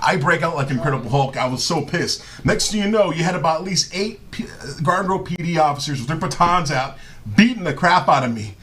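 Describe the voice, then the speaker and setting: A middle-aged man telling comic stories on a live show, animated and profane, often breaking into laughter. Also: on the high side, brisk. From Southern California. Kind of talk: casual comedic storytelling. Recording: live stream with faint ambience.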